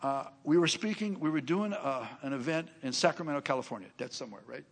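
A man's voice: on the high side, lively intonation, fast. An older man preaching a sermon, telling stories in a chatty way, laughing between lines and acting out the people he quotes. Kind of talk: sermon storytelling.

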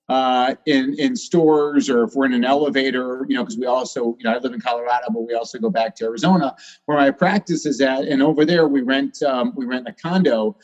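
A man's voice: mid-range voice, darkish tone. Emphatic man on a dull line. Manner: emphatic, fast, many fillers. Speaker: podcast guest, doctor. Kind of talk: interview talk. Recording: slightly dull, lo-fi sound.

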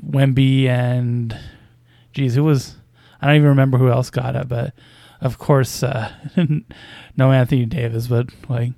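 A man's voice: mid-range voice, little pitch movement, measured pace, creaky, mellow, no echo. A man casually commenting on basketball news as a podcast host, with a hesitant, wry delivery full of fillers and small chuckles.

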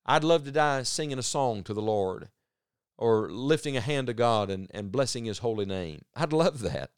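A man's voice: mid-range voice, animated, moderate pace, smooth, no echo, clean studio sound. A man preaching a sermon earnestly, his voice rising and falling for emphasis. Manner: earnest, rises and drops for emphasis.

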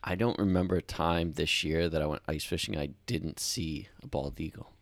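A man's voice: rumbling low, moderate pace, dry recording. A man co-hosting a casual podcast chat, telling stories with energy and acting out the people he quotes. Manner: animated storyteller, acts out shouted quotes. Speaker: podcast co-host.

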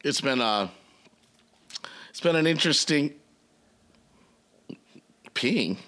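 A man's voice: fairly high pitch, animated, slow, bright, forceful tone. A man hosting a casual podcast, out of breath as he talks, laughing constantly and swearing freely in a jokey, self-mocking way. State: out of breath while talking. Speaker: podcast host.

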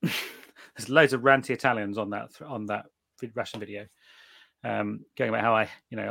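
A middle-aged British man chatting casually, telling animated stories with many restarts and the odd swear word. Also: fairly low pitch, normal speed, gravelly, no echo, clean studio sound. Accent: British English. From Britain. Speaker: guest reviewer of night vision gear. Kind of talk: casual chat.

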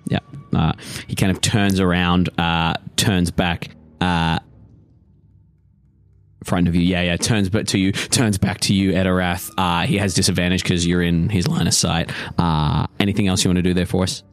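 Low-voiced man running a tabletop game. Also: flat delivery, moderate pace. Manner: laid-back, chuckling, with fillers. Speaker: game master.

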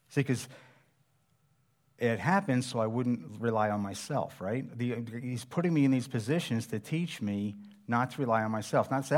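A man's voice: medium pitch, a little fast. A middle-aged man preaching a sermon, telling a personal survival story in a conversational, self-deprecating way.

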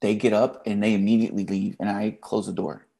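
A man's voice: on the low side, level tone, fairly quick, vocal fry, mellow. A man, a teacher and podcast guest, telling a candid personal story in a blunt, emotional way with casual slang.

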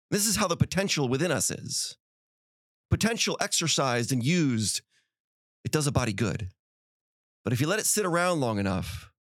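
A man's voice: mid-range voice, no room sound, studio quality. A man hosting a podcast, delivering a motivational monologue with an emphatic, repetitive preaching cadence. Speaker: podcast host.

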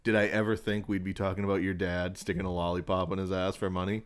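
A young man co-hosting a casual podcast, telling crude anecdotes in an animated way, often laughing. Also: low voice, quick pace, smooth. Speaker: podcast co-host. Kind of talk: casual chat, storytelling.

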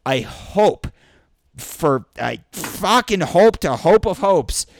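A man in a profane political rant, angry and sweary, breaking into shouted bursts, recorded indoors. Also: sits high, sing-song, takes it slowly, gravelly. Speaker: vlogger. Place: indoors during a thunderstorm.

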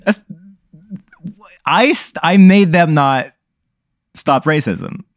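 A man guesting on a podcast, reacting to a comic story with wry, quick remarks. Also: a little high, expressive, dry recording. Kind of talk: casual comedic chat.

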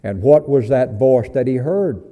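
A man preaching a sermon, slow and emphatic, rising to loud declarations and dropping to near whispers, calling his listeners "hon". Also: medium pitch, animated. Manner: slow, emphatic preaching with swells and drops in volume.

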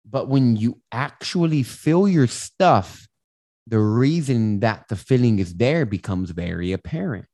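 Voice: medium pitch, animated, a little slow, dark tone. A self-help coach giving candid casual advice, explaining through a personal story with frequent restarts. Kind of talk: casual advice monologue to camera.

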